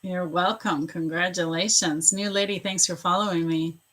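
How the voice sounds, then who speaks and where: A woman's voice: lowish voice, steady tone, moderate pace, a bit bright. A woman doing a live psychic reading, chatting casually with viewers, greeting them by name and restarting her sentences often. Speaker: psychic reader on a livestream.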